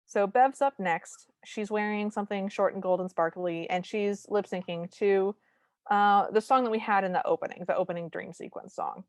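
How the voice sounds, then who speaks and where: A woman's voice: mid-range voice, normal speed, dry recording. A woman co-hosting a podcast, casually recapping a movie's plot beat by beat with dry asides. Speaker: podcast co-host.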